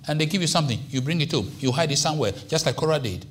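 A man preaching a sermon as pastor, swinging from hushed asides to loud, emphatic lines. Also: fairly high pitch, animated, rapid-fire. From Nigeria.

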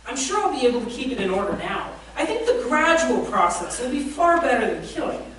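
A woman's voice: on the high side, sing-song, brisk, noisy background, voice pushed up. A woman voicing a fussy, cowardly male ghost who pleads and makes excuses, read aloud in a sermon. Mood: fretful. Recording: echoey room, distant mic.

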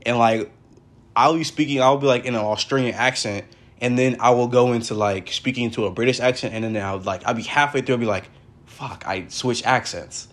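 A man's voice: medium pitch, fairly even intonation, quick pace. Rambling young man chatting casually. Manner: rambling, many fillers like "like" and "for real". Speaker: podcast host. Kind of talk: casual solo chat. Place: his brother's house.

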